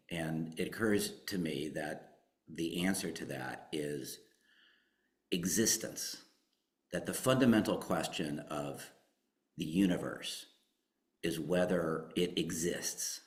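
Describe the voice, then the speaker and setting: Slow, very deep-voiced man musing. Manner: slow, deliberate, philosophical. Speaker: participant. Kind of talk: discussion contribution.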